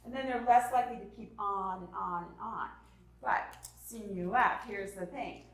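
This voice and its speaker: A woman in her thirties presenting a parenting workshop, animated, acting out parent and child voices and dropping into whispers. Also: mid-range voice, moderate pace. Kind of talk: lively parenting talk to a live group. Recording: very echoey hall from far off.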